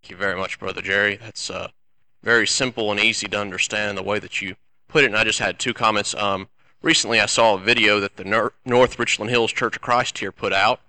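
A man, a member of a church class giving a measured, thoughtful comment. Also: lowish voice, fairly even intonation, bright, forceful tone, poor audio.

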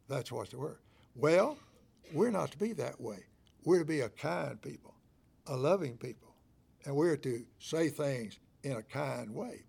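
Older preacher with a gravelly voice. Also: male voice. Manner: fervent, rising to loud emphatic stretches then dropping low; folksy, acts out shop clerks and a church member in quoted voices. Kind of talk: sermon.

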